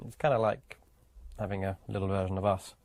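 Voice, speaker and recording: Gravelly, halting man interviewee. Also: sits low, little pitch movement, a little mellow. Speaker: documentary interviewee.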